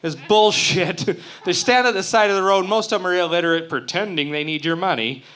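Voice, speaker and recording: A man's voice: high-pitched, a little fast, a bit bright. A man from Utah doing a profane, brash stand-up comedy set at an open mic. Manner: crude, profane, brash joking. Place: open mic stage before a live crowd.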